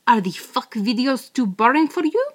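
A woman's voice: fairly high pitch, expressive, moderate pace, pitched above the performer's own voice. A woman voicing a mocking, domineering female spy captor in a whispered role-play, taunting her prisoner with a put-on foreign accent.

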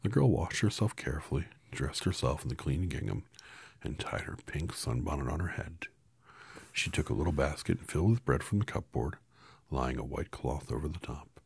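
Man reading a children's story aloud, very low, husky, gravelly, calm and unhurried. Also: no room sound. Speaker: storybook reader.

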